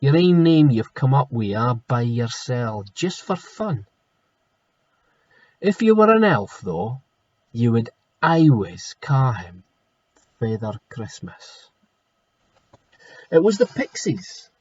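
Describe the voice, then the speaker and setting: Husky Scottish teacher reading aloud. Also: male voice, mid-range voice, sing-song, takes it slowly, long pauses, darkish tone, no echo, lo-fi sound. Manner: homely, chatty, rolls into broad Scots words. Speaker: primary school teacher. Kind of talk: casual chat then reading a storybook aloud.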